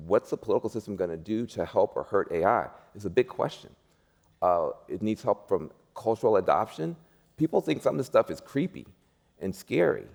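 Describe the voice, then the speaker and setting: A man's voice: low-pitched, creaky, a little mellow. A man speaking as a panel guest, emphatic and rousing, repeating his points like a preacher. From United States. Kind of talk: panel discussion.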